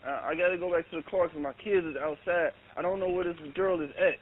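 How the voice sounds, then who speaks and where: A man's voice: sits high, fairly even intonation, fast talker. A shaken man on an emergency call, talking urgently and insistently, repeating himself. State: shaken, upset. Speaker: caller. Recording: tinny phone line with faint hiss.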